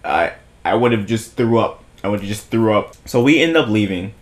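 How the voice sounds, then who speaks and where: Telling a long, laid-back story on his vlog, a young man laughs often, curses without restraint and acts out people's lines in their voices. He speaks on the low side at a moderate pace, in an animated way.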